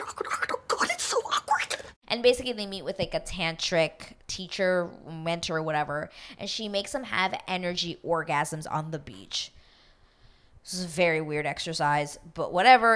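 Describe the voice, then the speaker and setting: A woman with a fairly low voice hosts a reality TV recap, chatting casually in a gossipy, animated way. She swears freely and acts out what the cast members said.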